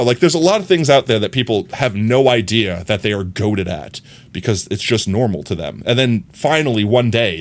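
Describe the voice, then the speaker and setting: A man live streaming from his own room, rambling casually and speaking straight to his chat. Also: medium pitch.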